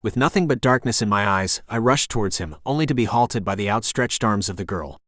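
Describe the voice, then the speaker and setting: A male audiobook narrator telling a first-person romance with an intense, dramatic edge. His voice sits on the low side, and the studio recording is close and dry, with no room sound. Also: fairly quick, few pauses, a bit bright, no echo.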